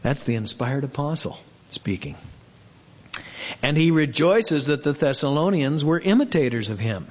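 A pastor preaching a sermon, emphatic, asking rhetorical questions and slowing down to dwell on scripture quotes. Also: male voice, on the high side, expressive. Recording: reverberant, dull lo-fi sound.

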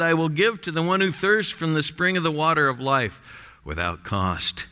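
A man preaching an expository sermon, reading scripture slowly with strong emphasis. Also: on the high side, expressive, bright, forceful tone, clean tone. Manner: emphatic, rising and falling for stress, slow deliberate reading. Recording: long hall reverb.

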